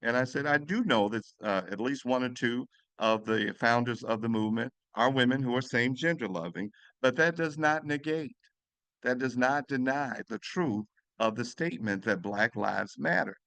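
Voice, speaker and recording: Man, catholic priest, earnest storytelling, bright forceful voice. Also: mid-range voice, dry recording. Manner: earnest, emphatic, with pauses and restarts. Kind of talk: storytelling talk.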